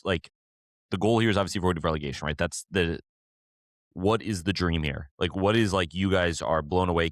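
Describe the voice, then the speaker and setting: Football is the topic as this podcast co-host talks in a loose, wandering way, full of fillers and restarts. His voice sits low with a fairly bright tone, captured in a dry, studio-quality recording.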